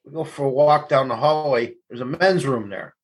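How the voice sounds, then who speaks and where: A man's voice: mid-range voice, normal speed, slightly rough, poor audio. A man, a guest telling blunt, profane stories in an interview. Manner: blunt, profane, laughs through anecdotes. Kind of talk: candid storytelling interview.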